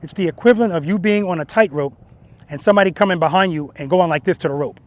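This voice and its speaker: A man's voice: high-pitched, quick pace. A man teaching motorcycle riding outdoors, explaining emphatically and often checking in with "right?" and "guys.". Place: outdoor practice area.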